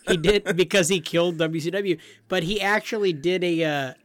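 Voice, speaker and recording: A man's voice: high-pitched, normal speed, fairly bright tone, no room sound. A man in his forties from Nebraska, a teasing, chatty podcast co-host. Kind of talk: casual podcast banter.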